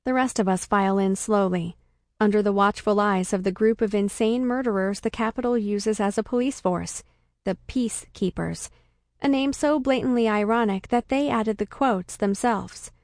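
Woman, comic story narrator, deadpan, mid-pitched voice, dry close sound. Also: moderate pace, no room sound. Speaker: audiobook narrator. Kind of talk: first-person comedic story narration.

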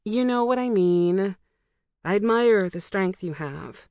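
A woman voicing a blunt, fiercely loyal young woman friend in an audiobook, in a sharp, teasing and scolding manner. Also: mid-range voice, animated, slow, dry recording, studio quality, pitched above the performer's own voice. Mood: earnest. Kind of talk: audiobook dialogue.

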